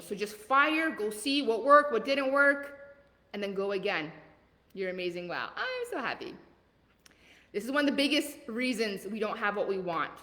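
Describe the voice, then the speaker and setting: A woman coaching leaders in a live online masterclass. She talks casually and bluntly, swears now and then, and swings between loud punchy calls to action and soft asides. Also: mid-range voice, in a large hall. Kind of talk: motivational masterclass talk.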